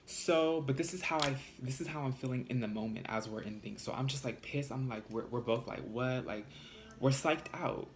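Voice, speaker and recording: Young guy vlogger, sassy and blunt, mid-pitched voice, casual storytime delivery. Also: normal speed, slight background noise. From California. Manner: animated, sassy, swears freely.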